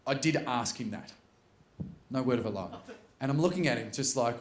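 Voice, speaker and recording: A man with an Australian accent doing stand-up, telling a story in an animated way with bursts of loud put-on voices. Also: medium pitch, normal speed, pauses often. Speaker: stand-up comedian. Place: comedy stage. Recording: roomy venue with faint noise.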